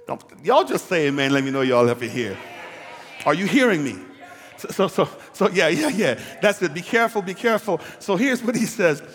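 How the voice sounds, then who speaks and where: Animated preacher in an echoing hall. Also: male voice, sits high, a little fast. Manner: animated, swinging from loud calls to near-whispers, questioning the congregation. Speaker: pastor. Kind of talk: sermon. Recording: long reverb of a large hall.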